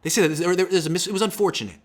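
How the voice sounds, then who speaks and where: A man in his thirties hosting a casual sports talk show, animated and acting out quotes in swinging voices. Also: high-pitched, racing.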